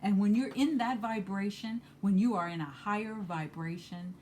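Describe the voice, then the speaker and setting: A woman giving a spiritual card reading, earnest and emphatic, who repeats her key phrases and moves between bursts of emphasis and soft asides. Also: medium pitch, moderate pace, slight background noise. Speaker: card reader.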